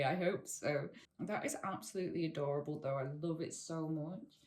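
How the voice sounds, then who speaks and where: A woman hosting a casual plant unboxing vlog, speaking close to the microphone, gushing and excitable and tripping over plant names. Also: lowish voice, moderate pace. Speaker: plant channel host.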